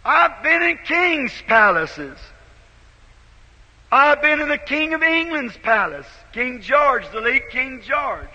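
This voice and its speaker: High, bright-voiced old-time preacher. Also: male voice, very animated, slow pace. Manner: storytelling, swells from soft to shouted. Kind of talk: sermon. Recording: dull 1950s tape in a big reverberant hall.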